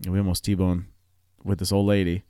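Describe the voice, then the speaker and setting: A man co-hosting a relaxed podcast, spinning anecdotes full of swearing and quick laughs. His voice sits a little low, and the recording is close and dry with no room sound. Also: clean tone, no echo. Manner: profane, storytelling, laughs often. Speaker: podcast co-host. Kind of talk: casual chat.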